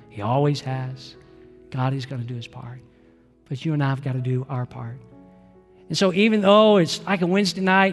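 A male pastor delivering an earnest Wednesday night sermon in a church, slow and emphatic with pauses. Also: fairly high pitch. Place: church sanctuary. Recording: reverberant church hall.

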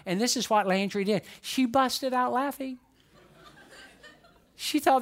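An older male pastor with a notably high voice. He preaches a story-filled sermon and keeps checking in with his listeners through direct questions. He often repeats his key lines for emphasis. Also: normal speed, fairly bright tone. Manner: repetitive, questions the congregation, storytelling.

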